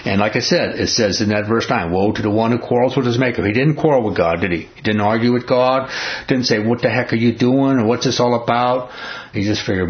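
A man's voice: mid-range voice, fairly quick, lo-fi sound. A man teaching a Bible study in a folksy, emphatic way, often asking the group questions.

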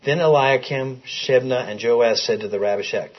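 A man teaches a Bible class in a relaxed, conversational way, often turning questions back to his listeners. His voice is husky and sits at an ordinary pitch. The recording sounds a little dull and lo-fi. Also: brisk, hardly any pauses.

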